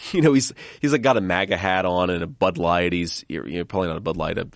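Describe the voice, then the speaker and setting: Man, deep gravelly voice, dry sound, stumbling restarts. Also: no room sound. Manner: halting, repeats words. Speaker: guest. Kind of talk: casual conversation.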